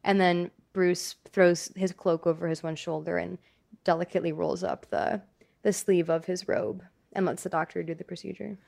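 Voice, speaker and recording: A woman's voice: on the low side, fairly even intonation, moderate pace, vocal fry, darkish tone. A woman playing a tabletop game, describing her character's actions in a dry way. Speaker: player.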